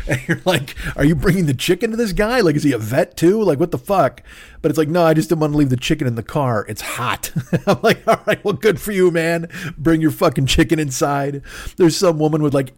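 A man's voice: medium pitch, a little mellow, dry recording. A man with a stuffy nose hosting a podcast, ranting through a profane, self-deprecating comic monologue. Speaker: podcast host. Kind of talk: rambling comedic monologue.

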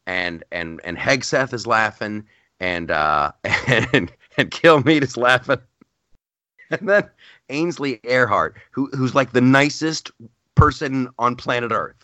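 Lively, bright-voiced man telling a story. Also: mid-range voice, measured pace, no echo. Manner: animated storyteller with frequent restarts. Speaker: podcast host. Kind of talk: casual podcast chat.

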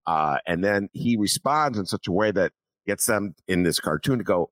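A man's voice: low-pitched, expressive, moderate pace, fairly bright tone, dry recording. A man hosting a political talk podcast, rambling with many fillers and mock voices. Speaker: podcast host.

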